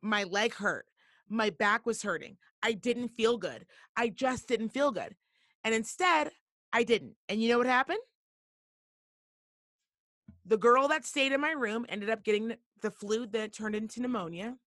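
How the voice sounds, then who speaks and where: A woman hosting a talk show, telling a story in a blunt, profane and animated way. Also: a little high, a little slow, no echo, studio quality. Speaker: podcast host. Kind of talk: casual storytelling.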